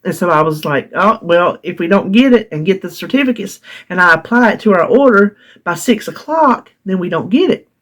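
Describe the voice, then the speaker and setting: A woman's voice: on the low side, lively intonation, fairly quick. A woman from North Carolina with a Southern US accent, casually telling a long story in her vlog, laughing often as she recounts her frustration. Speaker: vlogger.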